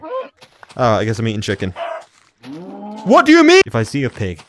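Excitable man narrating his own gameplay. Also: fairly low pitch, brisk, a little hiss or hum. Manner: excitable, talks to himself, laughs often. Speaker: gamer. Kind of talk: let's play commentary. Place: his own room at home.

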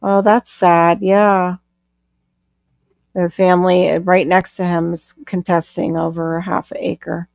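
A woman's voice: on the low side, flat delivery, slow pace, vocal fry, darkish tone, dry recording, clean studio sound. A woman co-hosting a casual live stream, chatting, reading out viewer comments and laughing often.

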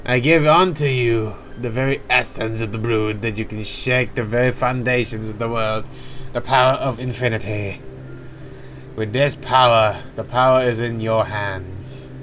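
A man's voice: mid-range voice, fairly even intonation, a little slow, a bit bright, a little hiss or hum, lightly acted. A man voicing a solemn ancient male elder who speaks in a grave, formal, ceremonial way, while faint game music plays behind him.

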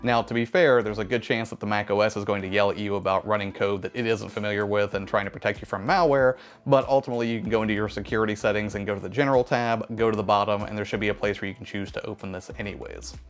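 A young man hosting a tech video, narrating a chatty, relaxed overview and correcting himself along the way. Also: lowish voice, fast talker, few pauses, soft background music.

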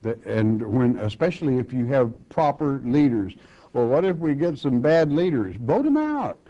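An older man, teaching a Bible chapter in a homespun, plainspoken way, with halting restarts. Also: medium pitch, lively intonation. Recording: dull lo-fi recording.

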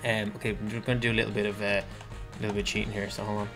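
A man chatting casually while playing a building game, thinking aloud and breaking into loud panicky bursts. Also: lowish voice, level tone, very fast, faint music behind. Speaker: gaming channel host. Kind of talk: casual gameplay chat.

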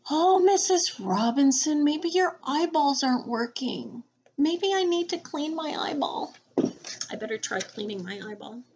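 A woman's voice: sits high, lively intonation, measured pace, darkish tone, muffled recording, slight background noise. A woman teacher reading a picture book aloud to children, playful and sing-song. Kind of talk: read-aloud lesson for children.

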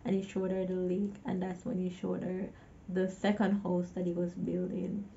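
A woman's voice: fairly low pitch, monotone, normal speed, creaky, mellow, muffled recording, a little hiss or hum. A woman giving a casual movie recap, chatty, with exasperated asides to the viewer. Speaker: movie reviewer.

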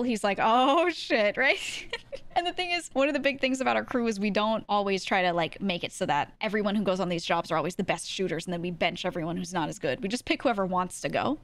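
A young adult woman streamer in casual chat, talking in quick bursts with lots of fillers and frequent laughter. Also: medium pitch, no room sound. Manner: laughs often, chatty with many fillers.

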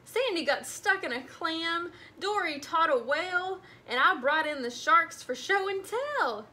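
A woman voicing an eager young boy clownfish with an excited, chattering manner in a read-aloud storybook. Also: a little high, measured pace.

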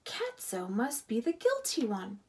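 A woman reading as a calm camp leader. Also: on the high side, measured pace, full character voice. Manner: calm, even, reassuring. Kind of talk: storybook reading aloud.

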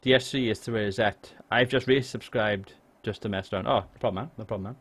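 A man with a Welsh accent chatting jokily and excitably while livestreaming a game, swearing now and then. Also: lowish voice, quick pace, slightly rough. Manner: excitable, jokey, swears freely. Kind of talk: casual live gameplay chat. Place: home room.

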